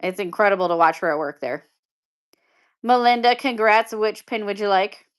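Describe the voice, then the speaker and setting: A woman's voice: medium pitch, normal speed, smooth. A woman hosting a live-stream pin auction, chatting casually and upbeat with viewers and laughing often. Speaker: live shopping seller.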